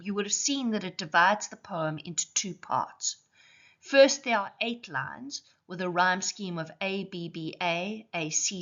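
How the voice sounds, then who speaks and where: A woman teaching a poetry lesson, explaining clearly and slowing down to stress syllables. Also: on the low side, fairly bright tone, muffled recording.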